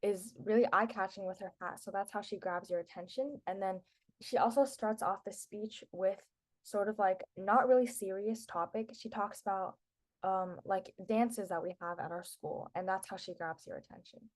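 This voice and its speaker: A woman's voice: mid-range voice, normal speed. A teenage girl presenting public speaking tips to a class in a casual, chatty way, with lots of filler words. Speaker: student presenter.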